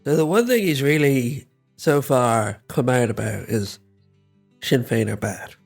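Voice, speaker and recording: A man's voice: mid-range voice, gravelly, faint music behind. An Irish man co-hosting a podcast, chatting casually and chiming in with short agreements. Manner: unhurried, interjecting agreement. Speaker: podcast co-host. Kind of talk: casual chat.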